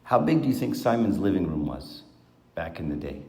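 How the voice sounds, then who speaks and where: A man's voice: low-pitched, sing-song, fairly quick, creaky, warm tone, slight background noise. A man giving an informal Bible talk to a small group around a table, asking them questions in a conversational way. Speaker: Bible teacher. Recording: echoey room.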